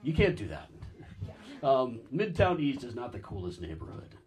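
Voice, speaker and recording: A man giving a public history lecture, telling stories in an animated, wry and chatty way. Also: mid-range voice, normal speed, slight background noise.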